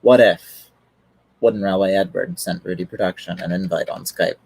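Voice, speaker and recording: A man's voice: deep voice, steady tone, normal speed, creaky, darkish tone, breathy edge, no room sound, low-quality recording. A man chatting casually on a livestream, rambling with lots of fillers and restarts. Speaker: streamer.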